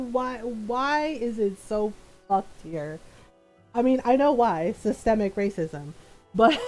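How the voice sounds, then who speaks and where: A woman's voice: on the high side, a little mellow, low-quality recording. A woman, ranting and swearing in casual chat as a streamer, laughing often. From Philippines.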